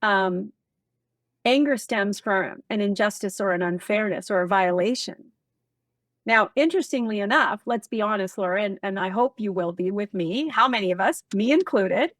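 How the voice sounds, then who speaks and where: A woman speaking as a guest expert in a casual interview, animated and emphatic, acting out bits of office dialogue. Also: mid-range voice, moderate pace, dry recording, clean studio sound.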